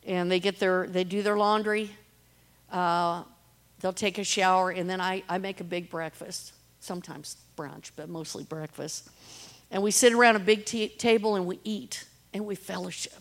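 Her voice is lowish, steady, and at normal speed as a middle-aged woman offers an earnest testimony about her street ministry. She relates stories, bringing the people in them to life with quoted voices.

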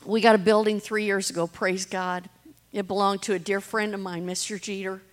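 A middle-aged woman speaks at normal speed in a level, mid-range voice, giving a sincere personal testimony about her work in street ministry. Along the way she tells stories and acts out people's remarks.

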